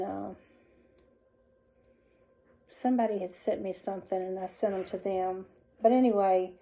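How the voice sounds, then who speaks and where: A woman's voice: mid-range voice, warm tone, low-quality recording. A middle-aged woman, chatting casually to her viewers at home and rambling through a personal story. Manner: rambling, chatty, many restarts and asides. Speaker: vlogger. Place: indoors at home.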